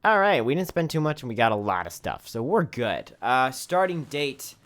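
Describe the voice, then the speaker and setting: Male streamer, let's-play commentary, lively up-and-down voice, self-deprecating. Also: medium pitch, moderate pace. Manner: self-deprecating, reads game text aloud.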